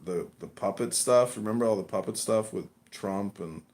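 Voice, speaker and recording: A man hosting a live stream, mocking and teasing his viewers in a loud, rambling, profane way. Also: fairly low pitch, moderate pace.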